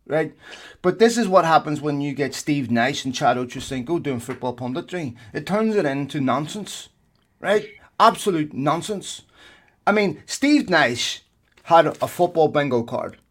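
A man's voice: on the high side, a little slow. Ranting man with a raised voice. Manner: animated, ranting, swears. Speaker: podcast co-host. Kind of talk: heated casual podcast chat.

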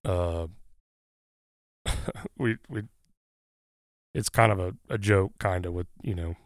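A firefighter, telling a personal story in casual conversation, pausing often with fillers. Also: male voice, deep voice, no echo, studio quality. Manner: halting, many "uh" fillers, earnest. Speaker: guest, firefighter.

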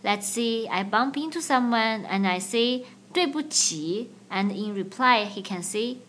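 A woman hosting a language-learning podcast, teaching in a clear, slow, playful way. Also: on the high side, expressive, fairly bright tone, a little hiss or hum. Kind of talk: scripted language lesson.

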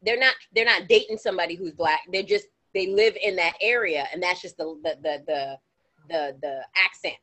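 A woman's voice: fairly low pitch, moderate pace, a bit bright. A woman co-hosting a casual podcast, rambling and restarting her sentences often. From grew up partly in Florida. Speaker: podcast co-host. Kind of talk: casual chat.

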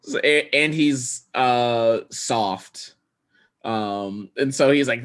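A man's voice: mid-range voice, sing-song, slow, a bit bright. A man co-hosting a podcast, recapping a movie in rambling, profane casual chat full of fillers and restarts. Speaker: podcast co-host.

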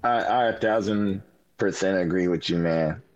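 A man co-hosting a podcast, answering in halting, stammering phrases. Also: sits low, slight background noise. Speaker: podcast co-host. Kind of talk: casual chat. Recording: dull lo-fi sound.

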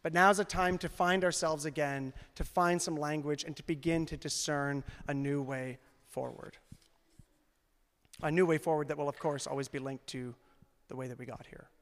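A male pastor preaching a sermon in a casual, conversational way, full of "like", who builds to loud fervor. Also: on the high side, fairly even intonation, moderate pace. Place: church sanctuary. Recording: long reverb of a church hall.

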